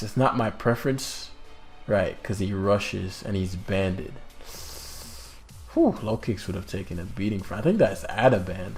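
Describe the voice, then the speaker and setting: A man with a low, gravelly voice talks through his own competitive match in a put-on British-sounding accent. His commentary is casual, with swearing and the odd loud burst. Faint music plays underneath. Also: moderate pace. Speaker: competitive game streamer. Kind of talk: live game commentary.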